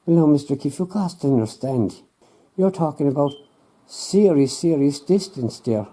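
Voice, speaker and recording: A man's voice: on the high side, lively intonation, moderate pace, warm tone, pitched above the performer's own voice. A man playing a smug, patronizing male scientist who keeps dodging questions, in a comedy sketch. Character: smug, evasive male scientist showing planet images. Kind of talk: comedy sketch, improvised two-hander.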